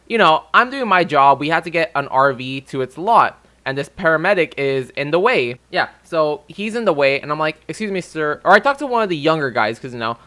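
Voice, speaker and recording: A man's voice: fairly high pitch, pushed and bright. A young man ranting casually to his viewers, swearing freely and getting heated. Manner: profane and heated. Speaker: vlogger. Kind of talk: casual rant.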